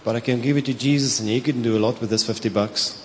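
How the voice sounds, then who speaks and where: A pastor with a South African accent, preaching a sermon, telling stories with animation, slipping into Afrikaans and laughing often. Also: male voice, mid-range voice, steady tone, quick pace, a little hiss or hum. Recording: long hall reverb with faint ambience.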